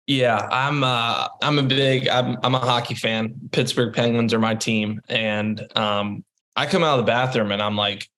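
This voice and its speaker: A man in his thirties, a podcast guest, telling stories in a casual, lively way. He laughs often and repeats words as he goes. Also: mid-range voice, moderate pace. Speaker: interview guest. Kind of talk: casual storytelling.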